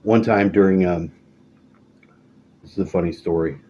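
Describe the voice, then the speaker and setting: A middle-aged man telling rambling stories in a casual, profane, deadpan way. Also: low-pitched, moderate pace, muffled recording, slight background noise. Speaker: storyteller. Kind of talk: casual storytelling monologue.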